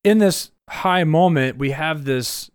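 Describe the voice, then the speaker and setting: A man with a smooth, resonant voice reads Bible verses aloud and explains them on a podcast. He speaks at a medium pitch. The recording is dry and close. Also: slow pace, no room sound. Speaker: co-host. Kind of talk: conversational Bible study discussion.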